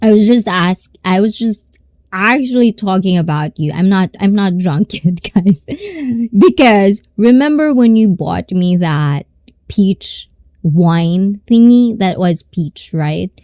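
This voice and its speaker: A woman's voice: medium pitch, expressive, takes it slowly, darkish tone, dry recording, clean studio sound. A woman in her thirties with a Filipino accent, hosting a casual live stream, giggling often and mixing Tagalog with English as she reads the chat. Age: 30s.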